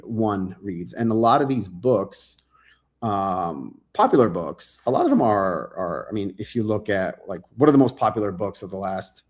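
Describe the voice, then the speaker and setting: Low-voiced man, rambling animated storyteller. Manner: animated storyteller, acts out quotes, swears freely; loose and rambling with many fillers. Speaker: author guest. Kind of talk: casual interview chat.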